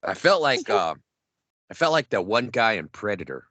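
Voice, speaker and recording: Man, very low voice, dry close mic, casual podcast storytelling, swears a lot, rambles. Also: big pitch swings, moderate pace, bright, forceful tone, dry recording. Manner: profane, rambling, acts out quotes. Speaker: podcast co-host.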